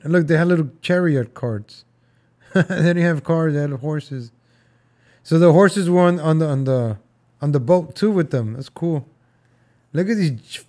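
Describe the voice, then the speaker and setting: A man's voice: on the high side, normal speed, a little mellow. A young man casually joking and rambling as he reacts to old film footage for his viewers. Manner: joking, rambling, talks to viewers as folks and guys.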